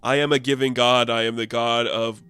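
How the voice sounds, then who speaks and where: A man's voice: medium pitch, little pitch movement, moderate pace, fairly bright tone, smooth, no echo, natural voice. A man voicing a pompous male god of death and rebirth who speaks grandly but flippantly, in a raised voice. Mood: grandiose.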